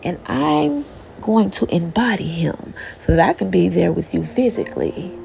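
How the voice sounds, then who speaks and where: A woman's voice: fairly low pitch, big pitch swings, moderate pace, vocal fry, dark tone, a little hiss or hum, pitched below the performer's own voice, full character voice. A woman voicing a protective, crude-talking male spirit suitor, blunt, profane and sure of himself. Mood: scheming. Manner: blunt, profane, self-assured.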